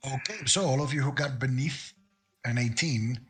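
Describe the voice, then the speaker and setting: A man's voice: mid-range voice, normal speed, soft background music. A man narrating a tabletop game as game master, casual and sweary, with lots of fillers.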